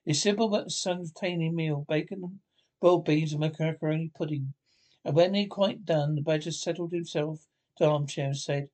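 A man's voice: fairly high pitch, steady tone, moderate pace, a little mellow, poor audio. A man narrating a classic children's story, reading hesitantly with frequent restarts.

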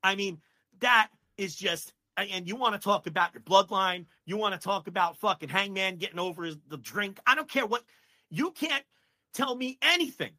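A man co-hosting a podcast, ranting with heated, profane excitement in casual chat. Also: high-pitched, moderate pace. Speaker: podcast co-host.

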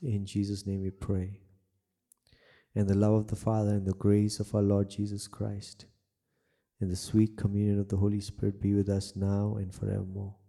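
A male pastor leading a soft, repetitive closing prayer and blessing, sometimes sinking into a whisper. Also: fairly low pitch, gravelly.

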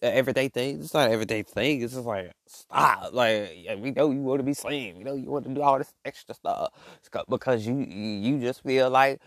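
A man doing a comedic rant monologue, rambling and slangy, full of fillers and restarts, jumping from low mumbles to loud outbursts. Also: a little fast, no room sound, studio quality.

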